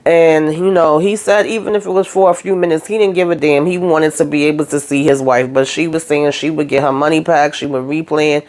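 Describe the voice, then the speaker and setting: A woman's voice: sits low, steady tone, brisk, hardly any pauses, a little mellow. A woman hosting a reality TV recap, talking in a casual, blunt and sassy way and speaking straight to the cast members.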